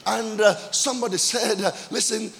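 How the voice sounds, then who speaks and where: A male pastor preaching a sermon, repeating key phrases and shouting for emphasis. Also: high voice, lively intonation, normal speed. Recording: long hall reverb.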